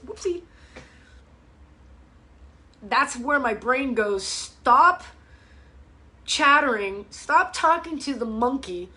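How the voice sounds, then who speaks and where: Animated, bright-voiced woman fitness coach. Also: sits high. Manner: blunt, animated, swears freely. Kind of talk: live-stream chat. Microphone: phone or webcam mic.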